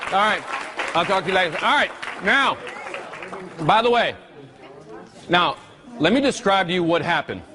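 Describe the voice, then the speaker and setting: An energetic man leads a live seminar, his voice swinging widely up and down as he fires questions at the room. It sits a little high for a man, and he rarely lets a point pass without checking the audience is with him. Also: moderate pace, long pauses, some chatter behind. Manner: energetic, keeps quizzing the audience. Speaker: workshop presenter.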